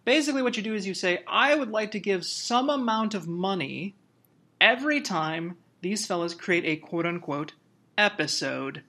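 A man's voice: high voice, lively intonation, normal speed, bright, forceful tone. A man co-hosting a podcast in casual chat, laughing often as he runs through loose, joking plugs. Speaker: podcast co-host.

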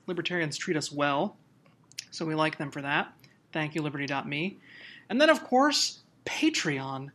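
A man's voice: high-pitched, sharp tone. A man co-hosting a podcast in casual chat, laughing often as he runs through loose, joking plugs. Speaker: podcast co-host.

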